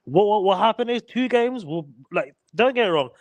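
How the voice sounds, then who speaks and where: A man's voice: sits high, animated, moderate pace, dry recording. Teasing young man, dry sound. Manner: teasing, repeats words. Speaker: guest. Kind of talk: casual fan banter.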